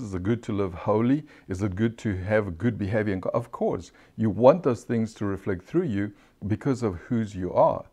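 A man with a slightly low voice teaches scripture in a relaxed sermon style. He talks earnestly and conversationally, asks his listeners rhetorical questions and lets small laughs slip in. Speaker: Bible teacher.

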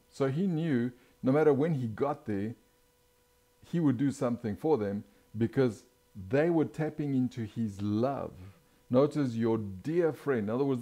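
A man preaching a sermon, walking through scripture verse by verse, slowing down and swelling his voice on quoted lines and checking in with "right?". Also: medium pitch, dark tone. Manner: expounds scripture verse by verse, frequent "right?" and "watch this".

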